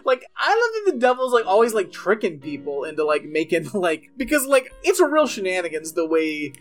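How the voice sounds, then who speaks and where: A man's voice: high voice, wildly swooping pitch, fairly quick, faint music behind. A man co-hosting a podcast, casually retelling a TV episode with many fillers and acted-out lines. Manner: rambling, filler-heavy, acts out characters' lines. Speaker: podcast co-host. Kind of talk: casual chat recapping a TV episode.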